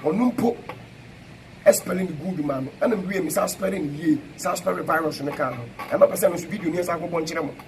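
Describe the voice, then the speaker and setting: A man's voice: fairly high pitch, fairly quick, slight background noise, low-quality recording. A middle-aged Ghanaian man with a fiery, emphatic and repetitive way of talking, giving a confrontational reply to a critic. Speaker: preacher answering a critic. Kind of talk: fiery spoken reply mixing Twi and English.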